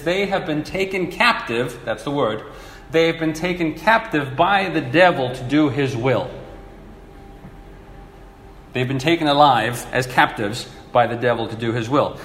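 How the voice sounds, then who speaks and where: Earnest preacher in an echoey hall. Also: male voice, medium pitch, a little hiss or hum. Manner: earnest, animated, acts out quotes with laughs. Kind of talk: sermon. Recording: echoey hall with faint ambience.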